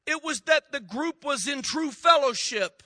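A pastor preaching a sermon, telling folksy stories and calling on the congregation to answer back. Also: male voice, extremely high pitch, lively intonation, a little slow, bright, forceful tone, dry recording.

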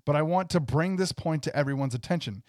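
Canadian male co-host, slightly high voice, dry sarcastic rant delivery. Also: quick pace, no room sound. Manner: sarcastic ranting, partly read aloud. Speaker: podcast co-host. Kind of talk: casual political chat.

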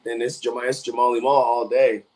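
A man's voice: medium pitch, flat delivery, a little fast, mellow. Young guy co-hosting a stream, jokey and slangy, just chatting. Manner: joking, slangy banter. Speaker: stream co-host. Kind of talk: casual stream chat.

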